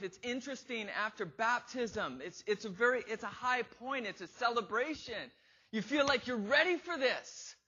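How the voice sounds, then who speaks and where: A man's voice: very high voice, sharp tone. A man preaching a conversational sermon in a church, asking the congregation questions and acting out quoted inner voices with rising emphasis. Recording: slightly dull lo-fi recording.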